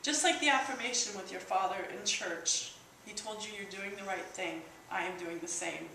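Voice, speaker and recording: Woman giving a halting, emotional testimony. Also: mid-range voice, gravelly, bright, forceful tone. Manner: halting and emotional, with frequent restarts and fillers. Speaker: church member sharing a personal testimony. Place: church hall. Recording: echoey hall, distant mic, faint hiss.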